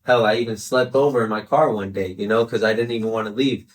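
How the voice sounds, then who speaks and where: A young man in his twenties with a fairly low voice, talking through a podcast interview in a loose, earnest way. He keeps checking in with "right?" and "you know", and he sounds a bit set back from the mic. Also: steady tone, quick pace, recorded from a distance. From Chicago area, United States. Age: 20s. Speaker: interview guest.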